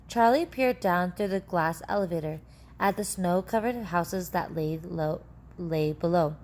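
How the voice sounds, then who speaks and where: A woman reading a children's book aloud, telling the story in a steady, expressive way and adding short asides of her own. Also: on the low side, measured pace. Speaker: reader.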